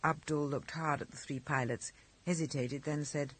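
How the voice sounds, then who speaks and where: Male audiobook narrator, expressive, fairly high voice, dry close sound. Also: normal speed, no echo. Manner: lively expressive reading. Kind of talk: scripted narration.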